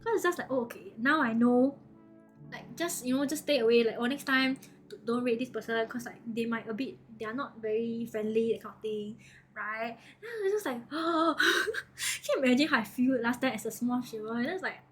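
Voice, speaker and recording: A woman's voice: a little high, a little fast, slight background noise. A woman streamer, casually telling her chat a story, acting out the quoted lines with lots of laughter. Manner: animated, acts out quoted lines, frequent laughter.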